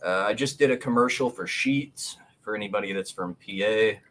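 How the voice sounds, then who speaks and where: A man's voice: fairly low pitch, normal speed, fairly bright tone. A male actor guest chatting casually and hesitantly on a livestream. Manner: easygoing, hesitant, lots of fillers. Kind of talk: casual chat.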